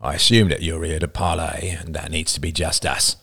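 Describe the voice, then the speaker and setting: A man doing a stern old clan chief, low and curt. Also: flat delivery, brisk, vocal fry, sharp tone, breathy edge, no room sound, clean studio sound, full character voice. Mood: guarded. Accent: strange foreign accent. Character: older male clan leader, stern and guarded.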